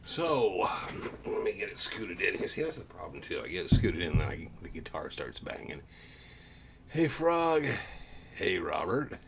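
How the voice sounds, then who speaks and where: A man hosting a casual livestream, reading viewer comments in a rambling, easygoing way, a bit low on energy from the heat. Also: expressive, moderate pace, gravelly, hardly any pauses, loud music behind the voice. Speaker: livestream host.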